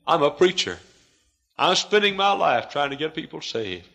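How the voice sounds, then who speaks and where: Gravelly preacher, hushed to shouting. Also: male voice, medium pitch, moderate pace. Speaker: pastor. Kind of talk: sermon.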